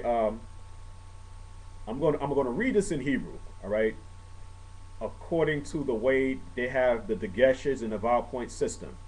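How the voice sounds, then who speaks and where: A man's voice: a little high, darkish tone, poor audio. A man preaching a conversational sermon, checking in with the congregation and rising in emphasis on key points. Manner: conversational, frequent "okay" check-ins, rises when emphatic. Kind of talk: sermon teaching.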